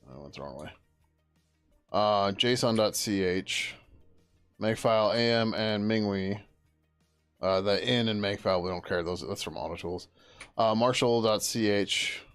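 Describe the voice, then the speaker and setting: Faint music plays behind a man whose fairly low voice stays steady and smooth at a moderate pace. He's a software developer live-streaming as he works through code, muttering, trailing off, and swearing casually.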